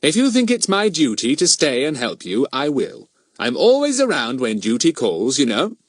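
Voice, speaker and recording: A man's voice: medium pitch, huge pitch swings, moderate pace, no room sound, studio quality, pitched above the performer's own voice. A man reading an audiobook voices a cheeky, clever schoolboy detective with a mock-innocent manner. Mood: teasing.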